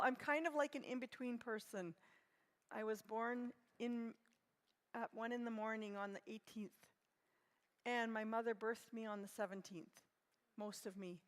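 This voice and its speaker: A woman in her sixties telling a personal story at a conference in a gentle, reflective way. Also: on the high side. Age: 60s. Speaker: conference speaker. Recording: long hall reverb.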